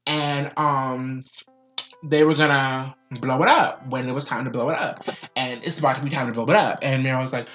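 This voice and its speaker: A woman's voice: extremely low pitch, fairly even intonation, moderate pace, a bit bright, roomy sound, lo-fi sound, faint music behind. A woman giving a chatty, blunt episode review, swearing freely. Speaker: show reviewer.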